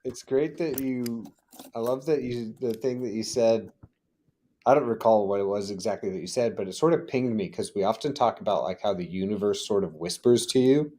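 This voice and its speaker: A man with a fairly low voice co-hosts a casual conversation at a moderate pace. He's animated, laughs often and acts out little voices as he tells stories.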